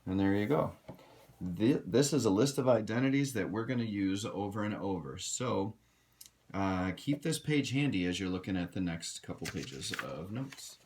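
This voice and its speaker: A man's voice: fairly low pitch, animated, moderate pace, a little mellow, slight background noise. A man teaching a recorded math lesson, direct and instructive, talking to his students. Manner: direct, instructive, addresses students as you guys.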